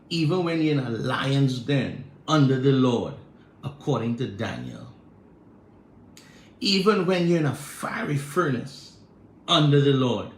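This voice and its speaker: Man, pastor, call-and-response sermon, echoing sanctuary. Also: mid-range voice. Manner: rhythmic preaching with repeated rhetorical questions and call-and-response. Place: church sanctuary. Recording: echoey church room.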